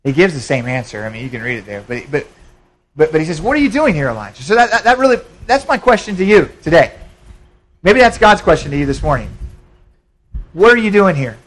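A man's voice: on the high side, very animated, brisk, long pauses, a bit bright, poor audio. Man preaching a conversational sermon. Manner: conversational preaching with repetitions and restarts. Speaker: pastor. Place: church.

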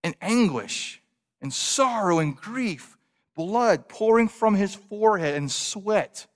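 A male pastor delivers a sermon in a slightly higher than usual voice. He builds to emphatic, loud passages, then sinks into quiet, drawn-out phrases. His words ring out in a hall with a long, lingering reverb. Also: animated. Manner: preaching with dramatic swells and hushed drops.

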